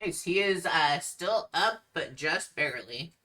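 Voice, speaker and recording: A woman running a tabletop game as dungeon master, narrating slowly and laughing often. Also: fairly low pitch, lively intonation, bright, forceful tone.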